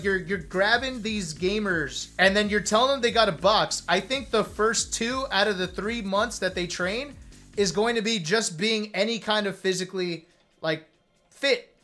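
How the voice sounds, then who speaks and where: A man in his thirties, a streamer, casually telling a story to his chat, animated and joking, acting out what others said. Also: high voice. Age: 30s. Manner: animated, joking, acts out quoted lines.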